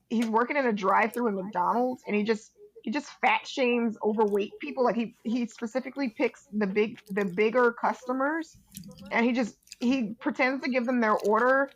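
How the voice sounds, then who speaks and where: Woman casually retelling stories, higher voice. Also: rough recording. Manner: retelling stories with loose fillers and giggles. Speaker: podcast co-host. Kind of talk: casual chat.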